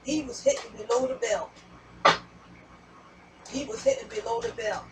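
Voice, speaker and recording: A woman's voice: a little high, big pitch swings, moderate pace. A woman doing a casual spiritual message reading as a tarot reader, blunt and profane, talking straight to her viewers. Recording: distant mic with background noise.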